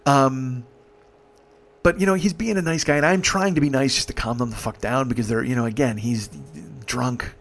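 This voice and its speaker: A man telling a comedy story in an animated, profane way. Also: mid-range voice, normal speed.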